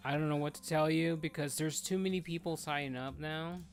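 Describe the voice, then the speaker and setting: A man with a slightly high voice leads his raid team on a live gaming stream, blunt and quick to curse. He barks out instructions and gripes at teammates in a casual, offhand way. Faint music plays behind him. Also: fairly even intonation. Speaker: raid leader streaming an online game.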